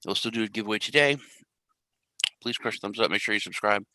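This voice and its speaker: A man's voice: lowish voice, brisk, sharp tone, no room sound, low-quality recording. A young man hosting a casual crypto live stream, rambling and joking at his own expense. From US Central Time Zone. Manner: rambling, jokey, self-deprecating. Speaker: crypto show host.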